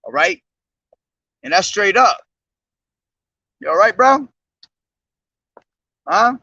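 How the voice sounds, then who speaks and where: A young man preaching outdoors at a bus station, slowly declaiming scripture, then talking in slangy, profane street speech into a camera he holds himself. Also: high-pitched, animated, bright, forceful tone, slightly rough, dry recording, muffled recording. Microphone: self-held camera.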